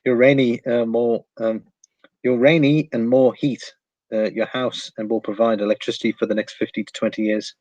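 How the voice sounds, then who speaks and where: A man's voice: medium pitch, steady tone, normal speed, darkish tone, highs cut off. A man from England hosting a precious metals livestream, chatting casually with many ums and reading out viewer comments. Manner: rambling, many ums, chuckles often.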